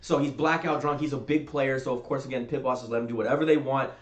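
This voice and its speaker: A man's voice: medium pitch, steady tone, fast talker, highs cut off. A man on a podcast ranting through a story, swearing a lot and getting heated. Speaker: podcast co-host. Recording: roomy echo.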